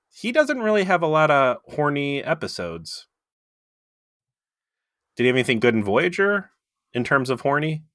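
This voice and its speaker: A man's voice: medium pitch, fairly bright tone, no room sound, studio quality. A man co-hosting a podcast in casual, joking chat, talking through a cold with rambling asides. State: has a cold. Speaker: podcast co-host.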